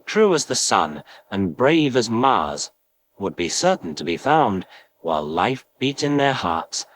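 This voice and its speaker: A man narrating a classic story as an audiobook, in a measured, dramatic way, doing an impression of a famous film actor. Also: lowish voice, big pitch swings, a bit bright, slight background noise, poor audio.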